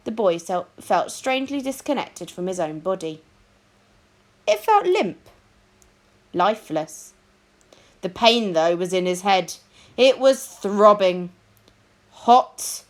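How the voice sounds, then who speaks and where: Expressive woman reading a storybook aloud. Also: medium pitch, unhurried. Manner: expressive, dramatic. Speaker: reader of a children's book.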